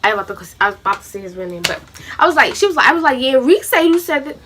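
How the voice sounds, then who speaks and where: A young woman vlogging a storytime, animated and acting out both sides of an argument. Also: sits high, rapid-fire, a little hiss or hum. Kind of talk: storytime vlog.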